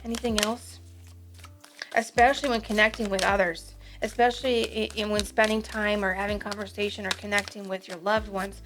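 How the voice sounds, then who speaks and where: A woman giving a gentle, reflective pick-a-card tarot reading, with frequent fillers as she goes. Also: medium pitch, flat delivery, fairly quick, over music. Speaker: tarot reader.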